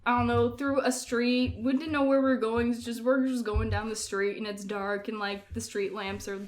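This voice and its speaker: A young woman telling a friend group about a dream in a casual, animated way, laughing often and shouting quoted lines. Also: fairly high pitch, normal speed. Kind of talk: casual storytelling among friends.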